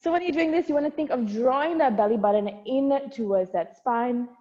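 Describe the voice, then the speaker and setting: A woman's voice: sits high, a little fast, dark tone. A young woman leading an at-home barre workout, cueing moves and counting reps, sometimes out of breath, recorded on earbuds. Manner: encouraging cueing with counts, light laughs. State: out of breath at times while exercising. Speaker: barre instructor. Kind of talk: guiding an at-home workout class. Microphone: wireless earbuds. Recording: dull lo-fi sound with long reverb.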